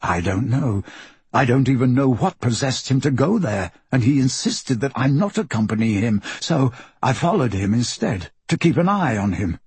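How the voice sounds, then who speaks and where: A man voicing an earnest, remorseful young male magician in an audiobook, speaking low and hushed. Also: expressive, moderate pace, slightly rough, dry recording. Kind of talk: audiobook character voice.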